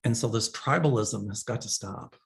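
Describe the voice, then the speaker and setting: A man's voice: lowish voice, normal speed, creaky. Rambling man hosting a psychic show. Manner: rambling, many fillers. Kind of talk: casual monologue answering viewer questions.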